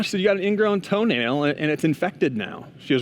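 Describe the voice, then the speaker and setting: A man's voice: mid-range voice, sing-song, brisk, slight background noise. A young man giving a casual chapel talk to students, telling a story in a chatty way with frequent asides and restarts. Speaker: school chapel speaker.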